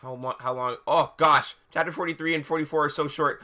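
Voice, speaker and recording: A man's voice: on the high side, steady tone, brisk, bright, forceful tone. A man reading fan fiction aloud on a live stream, breaking off for sarcastic, incredulous asides. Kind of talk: mocking dramatic reading with commentary.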